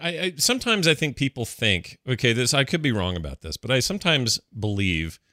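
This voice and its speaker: A man's voice: mid-range voice, sing-song, fairly quick, sharp tone, no room sound, studio quality. An American man hosting a podcast, talking in an easygoing way with hesitant restarts. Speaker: podcast host. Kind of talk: casual comedic chat.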